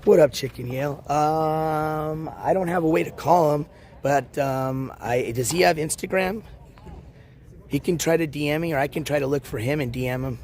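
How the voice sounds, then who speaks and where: A man livestreaming from a beach in the morning, hoarse and losing his voice, rambling as he walks and shouts out viewers in chat. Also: fairly high pitch, moderate pace. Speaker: IRL livestreamer. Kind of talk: casual live-stream chat.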